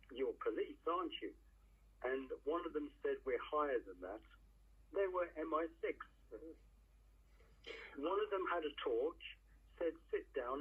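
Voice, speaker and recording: A man's voice: fairly high pitch, husky. A middle-aged man from England calling in to a phone-in show, talking in long, rambling stretches and searching for words. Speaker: caller. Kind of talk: phone-in call. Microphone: telephone. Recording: tinny phone line.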